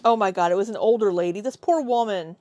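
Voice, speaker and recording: A woman's voice: mid-range voice, fast, a little mellow. A woman hosting a reaction commentary, making sarcastic and skeptical asides. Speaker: commentary channel host.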